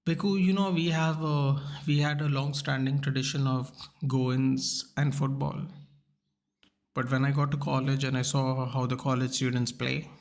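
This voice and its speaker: Man, gravelly voice, mid-pitch, frustrated live-stream rant. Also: flat delivery, normal speed. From Goa, India. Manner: frustrated ranting, replying to chat. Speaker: watchalong streamer.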